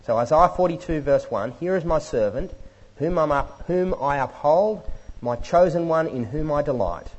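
A man preaching a sermon in an animated, conversational way, often correcting himself mid-sentence. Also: on the high side, moderate pace, muffled recording.

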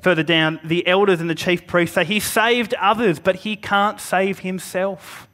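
A man preaching a Good Friday sermon in an earnest manner, pausing for emphasis and sometimes restarting a phrase. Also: high-pitched, fairly even intonation, pushed and bright.

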